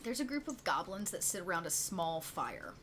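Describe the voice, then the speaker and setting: A woman's voice: fairly low pitch, big pitch swings, normal speed, fairly bright tone, slight background noise. A woman narrating as game master of a tabletop game, chatty, with many fillers and frequent laughs.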